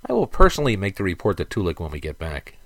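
A man's voice: low voice, huge pitch swings, fast, no echo, exaggerated voice. A man doing an eager young guard. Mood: reassuring. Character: young male caravan guard, reasoning and eager.

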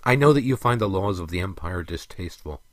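A man reading the part of a stern, weary elf king who lectures his son in a firm, measured way. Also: deep voice, expressive, no room sound. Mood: earnest.

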